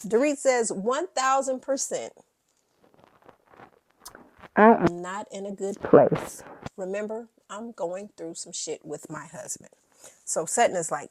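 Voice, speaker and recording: A woman's voice: mid-range voice, unhurried, no room sound. Woman recap host, sassy and brash, dry close mic. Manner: brash and sassy, quoting the cast in bursts. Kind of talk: sassy reality show recap commentary.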